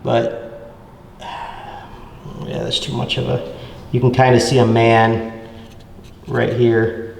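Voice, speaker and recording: A man's voice: medium pitch, completely flat delivery, slow, creaky, pauses often, a little mellow, echoey room, slight background noise. A man hosting a paranormal investigation, explaining things to the group and to viewers. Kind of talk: investigation vlog chat. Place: large abandoned asylum building indoors.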